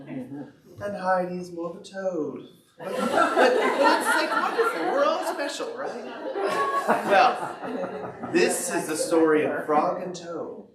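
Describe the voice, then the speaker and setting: Storyteller, man, English accent, lively pitch, echoey hall from a distance. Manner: animated, playful, with laughs. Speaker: children's storyteller at a service. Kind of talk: storytelling to children. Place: congregation hall. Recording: echoey hall from far off, faint noise.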